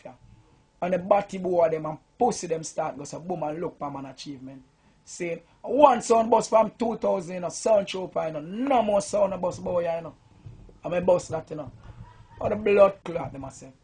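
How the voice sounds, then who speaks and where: Husky-voiced Jamaican man ranting drunk. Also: high-pitched. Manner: boastful, profane, rambling. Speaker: sound system selector. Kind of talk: boastful rambling rant to camera.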